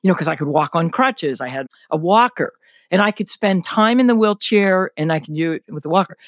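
A man's voice: on the high side, expressive, fairly quick, no echo, studio quality. An older man, a senior athlete, telling his story in an interview in a candid, detailed way, with plenty of "you know" and "like". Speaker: guest, senior athlete recounting an injury. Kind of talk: conversational interview.

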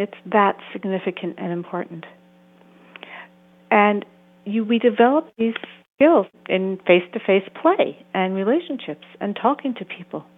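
A woman therapist and author giving earnest interview answers, sometimes acting out the voices she quotes. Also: medium pitch. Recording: tinny phone-like sound.

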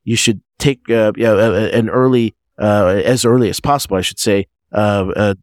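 A man who is a guest physician, answering interview questions in a halting way, often restarting his sentences. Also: fairly low pitch, steady tone, no echo, clean studio sound. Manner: halting, frequent restarts and fillers. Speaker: guest physician, medical director.

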